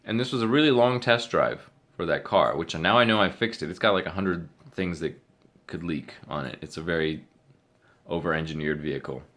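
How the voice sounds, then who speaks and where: Man, low voice, casual vlog storytelling, animated retelling. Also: fairly quick. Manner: animated retelling, acting out other people's lines. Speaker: vlogger.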